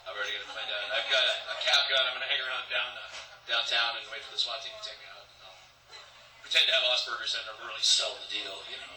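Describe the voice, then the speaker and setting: A man doing a rambling live stand-up set, hopping between bits and slipping into quick put-on voices. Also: mid-range voice, steady tone, pushed and bright, a little hiss or hum. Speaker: stand-up comedian. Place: comedy club stage. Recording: live room recording, echoey, mic heard from a distance.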